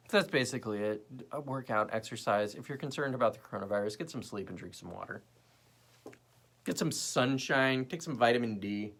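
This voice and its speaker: A man's voice: medium pitch, pushed and bright. A young man hosting his own show, ranting sarcastically about politics and the news in a casual way. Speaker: host.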